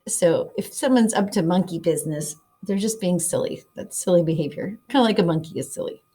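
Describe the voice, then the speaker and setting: A woman teacher giving a read-aloud lesson to children, explaining sayings slowly and plainly. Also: on the low side, warm tone, breathy edge. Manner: friendly, explaining slowly to kids. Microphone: document camera setup, teacher at desk.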